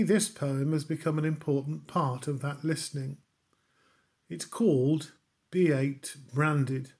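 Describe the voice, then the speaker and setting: Male minister, middle-aged, formal sermon delivery, slightly high pitch. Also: a little mellow. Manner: measured and formal.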